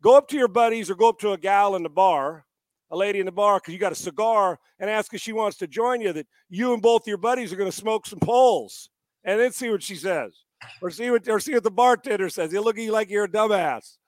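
Man, middle-aged, high pitch, dry close mic, loud joking banter. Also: fairly quick, no echo. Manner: loud, joking, tells stories with put-on quotes. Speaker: sports talk host. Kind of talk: casual podcast banter.

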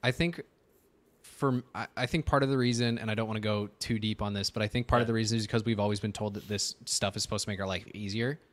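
A man's voice: lowish voice, steady tone, fast talker. A young man co-hosting a podcast in casual chat, blunt and laid-back with short replies. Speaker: podcast co-host.

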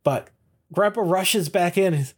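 A man's voice: high voice, takes it slowly, husky. A man co-hosting a podcast, recapping a TV episode in casual chat and laughing often as he retells it. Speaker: podcast co-host.

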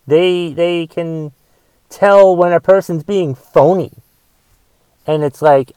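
A man's voice: a little high, darkish tone, clean tone, no room sound, low-quality recording. Profane, stammering man ranting on his podcast. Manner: profane, repetitive, frequent restarts. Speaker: podcast host. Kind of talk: casual monologue rant.

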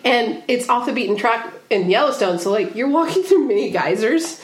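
A lively woman spins a story in a casual chat, laughing as she goes and swearing freely. Her pitch sits a little high and swings widely. The recording has a roomy echo. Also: normal speed. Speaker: podcast co-host telling a story.

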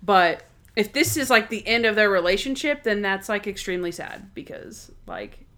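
A young woman co-hosting a casual chat, talking fast and loose with lots of "like" as she recaps a TV episode. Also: medium pitch, sing-song, a bit bright. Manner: chatty, lots of "like", acts out quotes. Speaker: podcast co-host.

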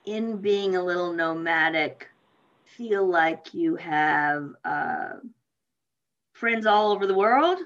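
A woman asks questions on a podcast at a very slow, deliberate pace. Her voice sits somewhat low. The recording sounds muffled and lo-fi. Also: fairly bright tone. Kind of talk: casual chat.

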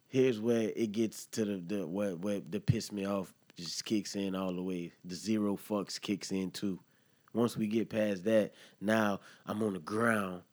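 A man holds forth on his solo podcast. He is heated and profane, full of slang, and talks straight to his listeners. His voice sits a little low. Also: a little mellow. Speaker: podcast host. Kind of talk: impassioned solo podcast commentary.

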